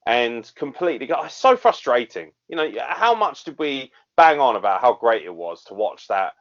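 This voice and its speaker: A man's voice: mid-range voice, very animated, normal speed. Sweary man ranting on a podcast. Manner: sweary, exasperated ranting with laughs. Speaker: podcast co-host. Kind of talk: casual wrestling review chat. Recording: dull lo-fi podcast audio.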